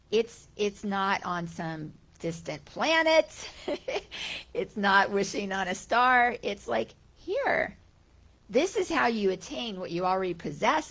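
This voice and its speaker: A woman giving a conversational spiritual talk to a congregation, often voicing everyday thoughts aloud and repeating key phrases. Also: medium pitch. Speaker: guest speaker. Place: church sanctuary.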